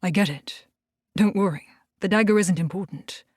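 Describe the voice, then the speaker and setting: A woman voicing the devil, a powerful man who speaks in a low, calm, controlled voice, in an audiobook. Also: moderate pace, no room sound, studio quality, natural voice. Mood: calm commanding.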